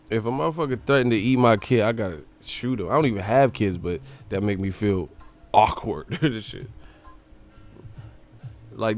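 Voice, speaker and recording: A young man hosting a casual boxing live stream, talking loosely and profanely, now and then doing quick impressions. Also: medium pitch. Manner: profane, animated, slips into impressions.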